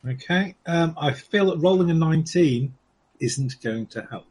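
A man speaks mildly and falters as he plays. His voice has a husky edge and sits a little higher than the others. He often pauses to check the rules. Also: animated, a little mellow. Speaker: player. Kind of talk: tabletop game chat.

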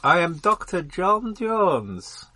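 A man's voice: high voice, big pitch swings, slow pace, sharp tone, voice pushed up, exaggerated voice. A man voicing a Cockney investigator character in a tabletop game, with a put-on Cockney accent. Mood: mock grand. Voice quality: hesitant, filler-heavy. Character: male Cockney investigator Doctor Jones.

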